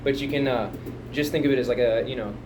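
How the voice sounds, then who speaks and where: A man's voice: mid-range voice, steady tone, fast, background noise. A man casually explaining a drum pattern, rambling and chatty, counting beats aloud at home. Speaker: drum teacher. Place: home music room. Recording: home room, mic picking up loud drum kit from a distance.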